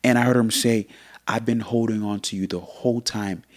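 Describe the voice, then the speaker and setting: A man's voice: lowish voice, fairly even intonation, normal speed, no echo, studio quality. A man in his thirties co-hosting a casual chat, earnest and repeating phrases for emphasis. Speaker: podcast co-host.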